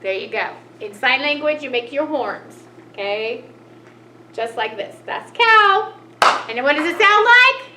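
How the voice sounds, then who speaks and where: A woman's voice: sits high, lively intonation, measured pace. A woman teaching a cheerful children's lesson, gasping with delight at each new picture. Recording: echoey room, faint noise.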